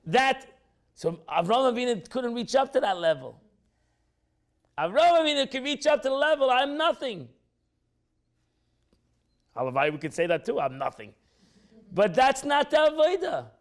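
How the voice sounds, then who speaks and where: High-pitched, animated rabbi teaching a class. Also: male voice, a little fast. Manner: acts out quoted speech with pitch jumps, repeats phrases.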